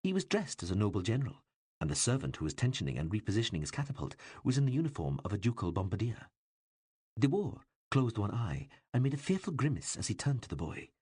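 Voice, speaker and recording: A man reading an audiobook with expressive, varied narration. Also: lowish voice, quick pace, breathy edge, no room sound, clean studio sound. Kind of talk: scripted narration.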